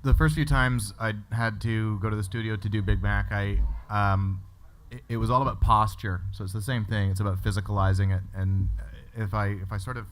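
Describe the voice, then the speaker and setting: A man voice actor on a convention panel, relaxed and self-deprecating. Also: fairly low pitch, brisk, a little hiss or hum.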